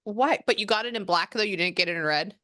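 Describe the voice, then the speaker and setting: A woman's voice: mid-range voice, fast, pushed and bright. A woman working as a psychic medium, talking casually through a reading and trailing off mid-sentence as she relays messages. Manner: chatty, relays and quotes at length, trails off mid-thought.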